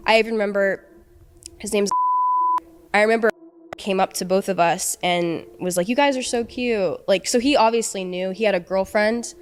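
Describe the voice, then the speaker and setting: Young woman, interview guest, mid-pitched voice, emotional and halting delivery. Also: clear, resonant tone. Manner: halting and emotional, with many fillers and restarts. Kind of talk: recounting a personal ordeal in an interview.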